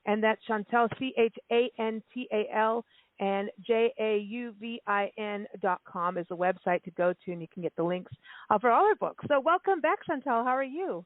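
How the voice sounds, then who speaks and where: A woman's voice: on the high side, normal speed, dry recording. Chatty woman co-host for casual radio talk, heard over a dry phone line. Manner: chatty, laughs often, rambling. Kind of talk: casual radio interview chat. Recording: tinny phone-line sound.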